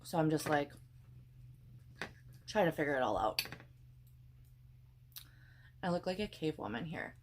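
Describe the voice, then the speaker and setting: A young woman with a Wisconsin accent talks in a low, relaxed voice while cooking breakfast. She rambles, apologizes, drops the odd swear, and sounds worn out from pregnancy. A faint hiss and small clicks of kitchen work sit behind her. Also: measured pace, pauses often. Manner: rambling, chatty, self-deprecating, swears casually. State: pregnant and tired. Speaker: cooking vlogger. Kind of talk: casual chat while cooking.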